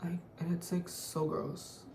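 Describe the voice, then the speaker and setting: Young woman rambling thru a makeup tutorial, bit of vocal fry, echoey room. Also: lowish voice, level tone, a little slow, a little mellow. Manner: chatty, constant "like" fillers, offhand. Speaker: beauty vlogger. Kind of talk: casual makeup tutorial chat. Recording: echoey room, faint noise.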